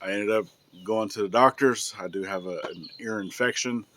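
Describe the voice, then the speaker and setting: A man's voice: on the low side, moderate pace, fairly bright tone, a little hiss or hum. Man losing his voice. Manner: easygoing, drawling, many fillers and restarts. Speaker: family homestead vlogger. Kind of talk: casual vlog update. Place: outdoors on a rural building site.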